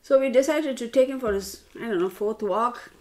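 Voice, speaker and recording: Chatty woman with a fairly high voice. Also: moderate pace, a little mellow. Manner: chatty, rambling, addresses viewers as y'all. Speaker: tarot reader. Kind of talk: casual storytelling to viewers.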